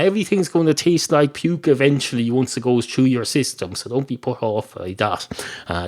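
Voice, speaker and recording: An Irish man hosting a podcast, delivering a meandering comic monologue with deadpan, sardonic asides. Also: mid-range voice. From Ireland. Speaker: podcast host.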